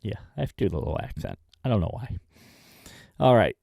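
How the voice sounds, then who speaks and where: A man hosting his own video, chatting enthusiastically in a casual rundown with frequent pauses. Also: lowish voice, big pitch swings, vocal fry, a little mellow, dry recording, studio quality. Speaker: music video host.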